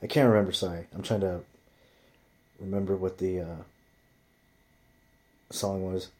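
A man's voice: sits low, steady tone, unhurried, darkish tone. A man telling rambling stories in casual chat, swearing constantly as he talks. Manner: profane, rambling storyteller.

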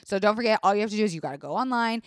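A woman's voice: mid-range voice, rapid-fire, no echo, clean studio sound. Profane young woman telling a story. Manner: profane, animated storytelling with quoted voices. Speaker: podcast host. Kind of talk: casual storytelling podcast.

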